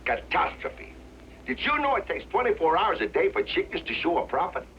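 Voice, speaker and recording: A man's voice: high-pitched, big pitch swings, a little fast, a bit bright, full character voice. An actor playing a jovial older retired vaudevillian who cracks folksy jokes and laughs at his own gags. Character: jovial wisecracking old male ex-vaudevillian farmer. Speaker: retired vaudevillian dog act performer. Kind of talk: 1960s TV drama acting. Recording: dull lo-fi 1960s TV soundtrack with faint hiss.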